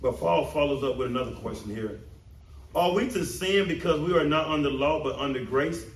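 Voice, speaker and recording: A man's voice: a little high, a little fast. A man preaching a sermon as pastor, emphatic and repeating phrases for stress. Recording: roomy, distant mic, faint ambience.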